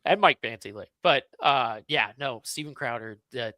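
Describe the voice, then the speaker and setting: A man chatting as a podcast guest, agreeable and quick to laugh. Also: medium pitch, no room sound. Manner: animated, agreeable, laughs often. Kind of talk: casual podcast chat.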